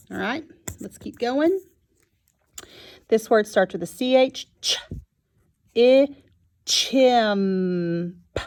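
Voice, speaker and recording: A woman teaching a phonics lesson to young children, sounding out each word slowly and clearly. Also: mid-range voice. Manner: slow and clear, sounding out words.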